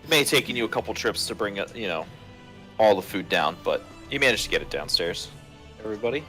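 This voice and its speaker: A man acting as game master, narrating a tabletop game in an easygoing, unhurried way on a live stream. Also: fairly low pitch, lively intonation, pushed and bright, soft background music.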